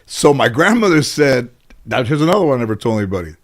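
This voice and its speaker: Animated storytelling man, loose and profane. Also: mid-range voice, fast talker. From Los Angeles area. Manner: animated, profane, laughs at his own stories. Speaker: guest comedian. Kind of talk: casual storytelling in interview.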